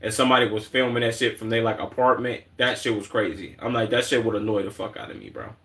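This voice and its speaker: A man's voice: lowish voice, fast, fairly bright tone. A man with a Chicago accent streaming and reacting to clips in blunt, slangy, heavily profane casual talk.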